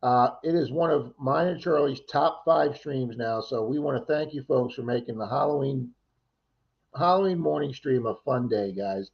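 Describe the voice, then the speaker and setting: A man's voice: medium pitch, moderate pace, creaky. A man co-hosting a casual livestream chat, telling rambling stories and acting out other people's lines. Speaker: livestream co-host. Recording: dull lo-fi stream audio.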